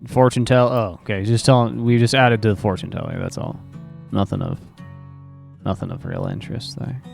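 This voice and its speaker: Laid back guy from arizona chatting while he plays, gravelly lowish voice. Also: steady tone, normal speed, darkish tone, faint music behind. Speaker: streamer. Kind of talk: casual gameplay commentary.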